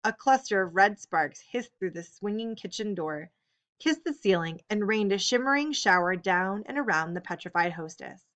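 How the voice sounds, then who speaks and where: A woman reading an audiobook, telling the story in a steady, expressive way. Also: mid-range voice, normal speed. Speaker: audiobook reader. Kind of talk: audiobook narration.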